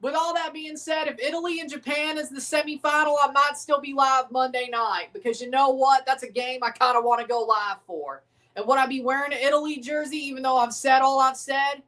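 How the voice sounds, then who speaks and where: A woman riffing through a live sports watchalong, profane and joking, deliberately abrasive. Her speaking voice sits a little high. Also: steady tone, a bit bright. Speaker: livestream host.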